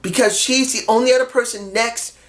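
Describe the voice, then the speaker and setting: A man's voice: extremely high pitch, fairly even intonation, brisk. A man giving a blunt, heated solo review, swearing freely and repeating lines for emphasis. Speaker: wrestling show reviewer. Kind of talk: opinionated solo review rant.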